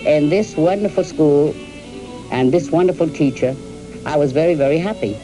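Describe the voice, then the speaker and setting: An older woman from New York telling the story of her youth and marriage to her husband, in a halting storytelling way with repeated words and fillers. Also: low-pitched, music in the background, poor audio. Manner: addresses her husband directly. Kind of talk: reminiscing in an archival interview.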